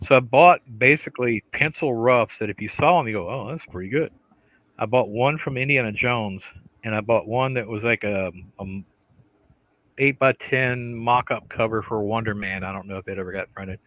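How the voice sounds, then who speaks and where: A middle-aged man in casual chat, telling stories in an animated way and acting out the voices and sounds. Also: mid-range voice, normal speed, dry recording, narrow, tinny audio.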